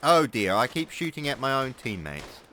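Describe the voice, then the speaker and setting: A man's voice: medium pitch, very animated, normal speed, noisy background. A man giving casual, sarcastic gameplay commentary, swearing and mocking himself as he plays. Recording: loud game gunfire behind.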